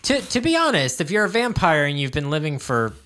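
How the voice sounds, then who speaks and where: A podcast co-host in casual chat, animated and quick to laugh. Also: medium pitch. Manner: giggly, animated, often laughing.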